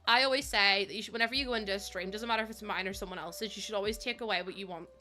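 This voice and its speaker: A woman's voice: medium pitch, racing, sharp tone. A young woman chatting casually to her live-stream viewers, giggly and friendly, calling them bestie. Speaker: game streamer.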